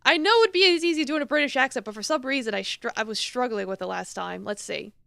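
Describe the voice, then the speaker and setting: Lively, playful woman streamer. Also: on the high side, quick pace, creaky, dry recording. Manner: playful, laughs often, comments on dialogue. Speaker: game streamer. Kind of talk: live game playthrough chat.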